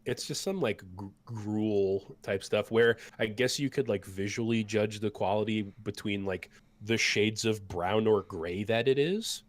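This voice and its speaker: Low-voiced man running a tabletop game. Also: unhurried, hardly any pauses, no room sound. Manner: casual, many fillers and restarts. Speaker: game master.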